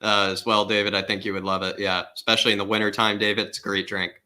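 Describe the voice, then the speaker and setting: A man co-hosts a live football watchalong, giving casual match analysis and keeps turning to his co-host. His voice sits on the lower side. His tone is bright and forward. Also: level tone, fast. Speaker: co-host and pundit.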